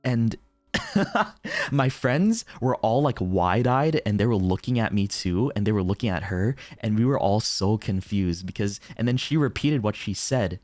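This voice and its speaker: A young man streaming, telling a story in casual chat, animated, laughing often and swearing casually. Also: on the low side, a little slow, no room sound.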